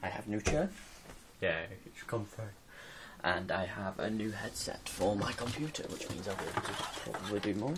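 Low-voiced rambling young man vlogging. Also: heavy background noise. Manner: rambling, giggly, offhand. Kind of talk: casual chat to camera. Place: bedroom with music posters on the wall.

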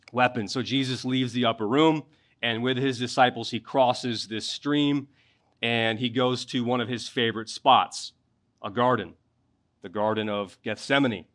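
A man preaches from the pulpit, reading scripture and then explaining it in a conversational way. His voice sits at an ordinary pitch and swells with fervor when he drives a point home. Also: fairly bright tone. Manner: expository preaching, rising in intensity at key points. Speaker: pastor. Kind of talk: sermon.

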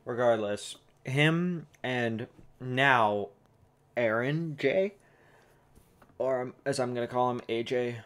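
A man's voice: medium pitch, slow pace, a bit bright. A man hosting a casual song reaction video, talking in a hesitant, rambling way and often correcting himself mid-sentence. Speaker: host reacting to songs.

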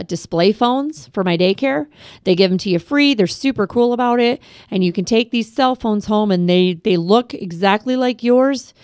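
A middle-aged woman giving a parenting class over a webcast, calm and practical, speaking straight to parents with advice. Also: medium pitch, clear, resonant tone, no echo, clean studio sound. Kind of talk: instructional webcast talk.

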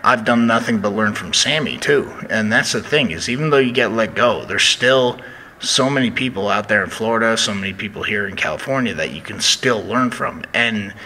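A man's voice: medium pitch, pushed and bright, a little hiss or hum, rough recording. A man, a professional wrestler, telling stories as a guest in a casual interview, with lots of "you know" fillers.

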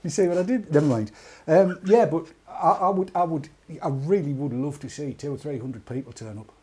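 A man's voice: on the high side, brisk, dark tone, husky. An English man co-hosting an online talk show, chatting casually and reading a news story aloud with wry, jokey asides. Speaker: podcast co-host.

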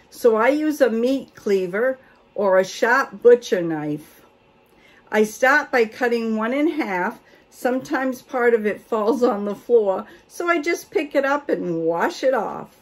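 An older woman, chatting casually and reading a cookbook aloud with folksy asides. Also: mid-range voice. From Maine. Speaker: homestead vlogger.

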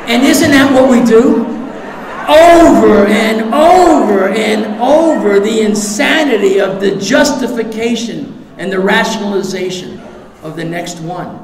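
A man sharing his recovery story at a meeting, animated and acting out the voices of others, sometimes shouting for effect. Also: sits high, a little slow, crowd noise, noisy background. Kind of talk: recovery share to a live audience. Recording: echoey hall recording with audience.

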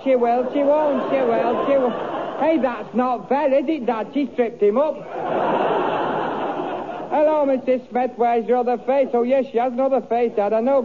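A man's voice: extremely high pitch, pitched above the performer's own voice. Brief: pestering small boy, endless questions, noisy old recording. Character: chattering little boy pestering his dad. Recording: tinny old broadcast with audience laughter.

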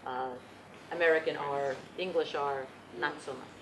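A gentle woman with a slightly low voice leads a group song workshop. She explains pronunciation patiently and unhurriedly, pausing with small fillers as she goes. Faint background ambience sits under her voice. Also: steady tone, background noise. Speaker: Yiddish song leader. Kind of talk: teaching a singing workshop.

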